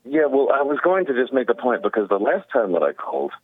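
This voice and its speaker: A man's voice: mid-range voice, sing-song, fast, husky, no echo. A man from California calling into a radio talk show, emotional and hesitant, stumbling through his points over a poor phone line. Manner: emotional, hesitant, full of fillers. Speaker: caller.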